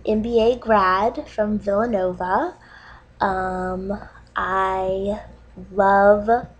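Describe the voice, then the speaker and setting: A young adult woman speaking in a halting, tearful confessional monologue, crying through her words with many pauses and ums. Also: mid-range voice. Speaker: online dating video poster.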